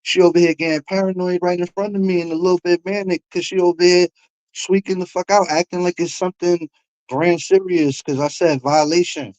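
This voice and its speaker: A man's voice: high-pitched, fairly even intonation, fairly quick, darkish tone, poor audio. Frustrated New York man ranting on stream. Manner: frustrated, blunt, profane. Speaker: livestream host. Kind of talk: heated livestream rant.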